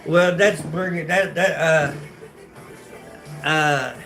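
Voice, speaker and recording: A man's voice: on the high side, steady tone, takes it slowly, fairly bright tone, soft background music. A man with a North Carolina accent telling his life story on a casual livestream, rambling and profane, with many restarts and fillers. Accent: North Carolina Southern.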